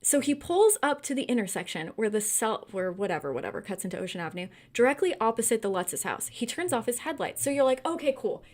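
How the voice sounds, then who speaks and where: Young woman from california ranting about a book on a livestream, laughs a lot, kinda high voice. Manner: animated, laughs often, gets heated and incredulous. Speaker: book club host. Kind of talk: casual livestream book discussion.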